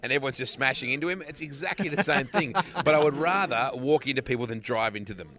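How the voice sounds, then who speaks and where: An Australian man in his forties talks through a relaxed interview, joking and laughing often. His voice has a bright, forceful ring at a middle pitch. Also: quick pace. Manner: laughs often, easygoing and jokey. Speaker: race announcer, interview guest. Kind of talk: casual interview chat.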